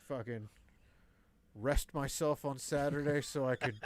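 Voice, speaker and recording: A man's voice: medium pitch, measured pace, slight background noise. A man co-hosting a comedy podcast, reading joke headlines with crude, swearing banter. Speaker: podcast co-host.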